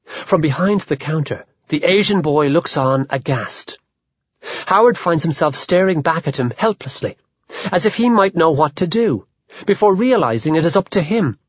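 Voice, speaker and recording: A man narrating a literary audiobook in a measured, even manner. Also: fairly high pitch, no echo. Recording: dull lo-fi dry audio.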